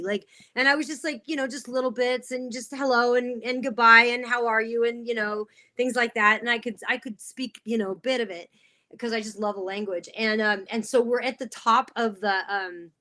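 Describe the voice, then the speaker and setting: A woman's voice: fairly high pitch, moderate pace. A middle-aged woman, a podcast guest, telling stories casually with lots of fillers. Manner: animated storyteller, many fillers. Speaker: guest, sales specialist. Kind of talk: casual chat, storytelling.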